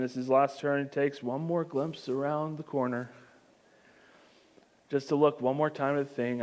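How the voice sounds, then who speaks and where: A man preaching a sermon as pastor, telling the story in an animated way with comic asides. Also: medium pitch.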